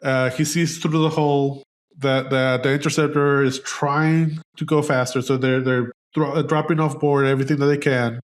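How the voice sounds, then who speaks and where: A man's voice: medium pitch, flat delivery, moderate pace. A man hosting a casual film podcast chat, talking animatedly with frequent restarts and casual swearing. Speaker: podcast host.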